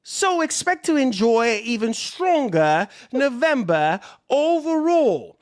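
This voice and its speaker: A man doing a corny mock-British newsreader who stretches each line out slowly, his pitch swinging up and down. The accent is broad and overdone, delivered with mock-serious outrage. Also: very animated, heavily acted. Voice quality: exaggerated fake British accent. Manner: hammy, drawn-out mock-serious reading.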